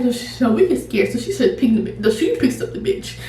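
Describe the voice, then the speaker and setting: Lively woman telling a storytime, echoey room. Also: sits high, fast talker. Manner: animated, profane, frequent laughter. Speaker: YouTuber. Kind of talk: casual storytime. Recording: echoey room, distant mic, faint noise.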